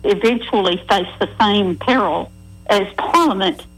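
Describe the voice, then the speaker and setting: A woman calling in to a radio talk show, speaking in a deliberate, opinionated way. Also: medium pitch, slightly rough. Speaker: caller. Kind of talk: call-in radio. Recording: phone line.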